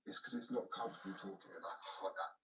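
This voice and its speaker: A man with a deep, mumbly voice, chatting casually on a stream, rambling, looping back on his point and swearing offhandedly. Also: quick pace. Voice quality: naturally deep voice, mumbly when relaxed. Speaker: fingerboard streamer. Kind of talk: casual live-stream chat. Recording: built-in mic, a little distant.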